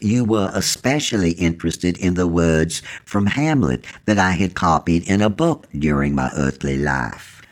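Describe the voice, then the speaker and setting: A soft-spoken Southern ghost of a Victorian poet, formal and unhurried, as a man puts him on in his storytelling. The voice sits low and moves through a wide, lively pitch range. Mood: calm. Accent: Southern American. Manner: soft, formal, slow and deliberate.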